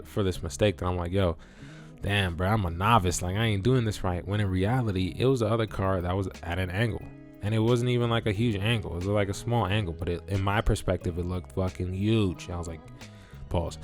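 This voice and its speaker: A man's voice: fairly low pitch, darkish tone. A man vlogging in a loose, casual way, swearing and acting out his own reactions as he tells a story. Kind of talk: casual talk to camera.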